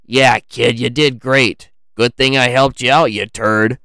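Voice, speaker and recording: Man voicing a brash uncle, loud and joshing, storybook role. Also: medium pitch, steady tone, a little slow, gravelly, no echo, clean studio sound. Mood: teasing. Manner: loud, ribbing delivery.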